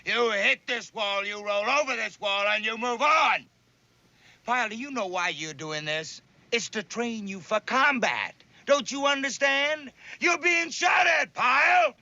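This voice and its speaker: An actor playing a stern, sarcastic Marine drill sergeant who barks orders and counts cadence, in a 1960s sitcom. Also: male voice, extremely high pitch, expressive, a little slow, creaky, bright, forceful tone, raised voice, exaggerated voice. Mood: exasperated. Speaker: drill instructor. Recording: dull old TV soundtrack.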